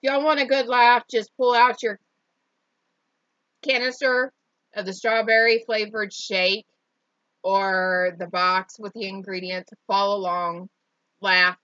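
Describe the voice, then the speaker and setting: A woman's voice: mid-range voice, flat delivery, a little slow, long pauses, pushed and bright, no echo, highs cut off. A woman with a Southern country accent reading out a shake's ingredient list, stumbling over long words and laughing at herself. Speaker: co-host reading an ingredient label. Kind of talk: casual chat.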